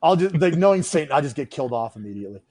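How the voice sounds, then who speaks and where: Man, slightly high voice, casual podcast talk, rambling, self-deprecating, swears freely. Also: big pitch swings, very fast, warm tone, husky. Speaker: podcast guest, gear maker. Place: room with adjustable lights.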